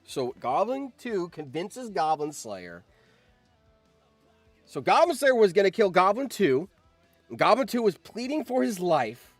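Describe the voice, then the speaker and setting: A man streaming live, reacting excitedly and yelling in surprise on a close mic. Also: high-pitched, unhurried, long pauses, no echo, soft background music. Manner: excitable, yells in surprise, laughs often.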